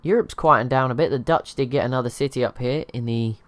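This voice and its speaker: Casual male game commentator, mid pitch, dry close mic, rambling and self-deprecating. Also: fast talker, no room sound. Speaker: gaming channel host.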